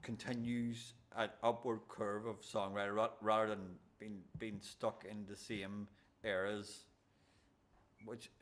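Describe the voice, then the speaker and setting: A man's voice: on the low side, flat delivery, measured pace, fairly bright tone. A man hosting a casual podcast, blunt and emphatic, swearing freely as he rambles through his opinions. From Ireland. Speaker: podcast host.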